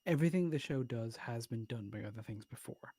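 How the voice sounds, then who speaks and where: Blunt Irish man, mellow voice. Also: medium pitch, animated, a little fast, breathy edge, no echo. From Ireland. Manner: blunt, swears freely, argumentative. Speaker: podcast co-host. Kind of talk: casual chat.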